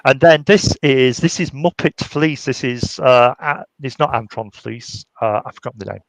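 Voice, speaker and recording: Man, jokey casual chat, mid pitch, dry sound. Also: normal speed, dry recording, rough recording. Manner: chatty, jokey, demonstrating by hand. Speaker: puppet maker guest. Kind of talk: casual chat on a live stream.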